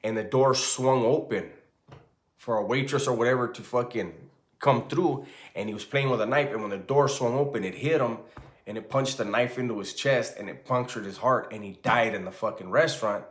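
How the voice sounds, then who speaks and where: Guy in his 40s telling a story, loose and swearing a lot, middle-pitched voice, keeps going "right?". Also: moderate pace. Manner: loose, profane and animated, lots of "right?" asides. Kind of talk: casual spoken storytelling.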